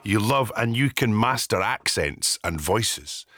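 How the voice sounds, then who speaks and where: A male radio host leads the interview with eager, effusive praise. His voice moves animatedly up and down in pitch, recorded close and dry. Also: animated, slow, sharp tone, dry recording.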